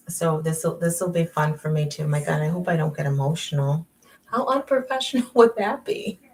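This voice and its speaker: A woman's voice: on the low side, gravelly, far from the mic, rough recording. A middle-aged woman coach chatting casually at home on a live stream, self-mocking and often laughing, then reading from her own book. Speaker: life coach and author. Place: at home at night.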